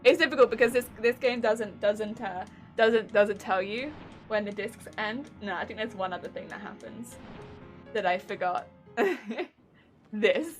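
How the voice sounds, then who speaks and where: A woman's voice: mid-range voice, measured pace, faint music behind. A woman chatting casually while streaming a game, giggly and talkative, greeting viewers as she plays. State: recovering from a migraine. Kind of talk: casual gaming stream chat.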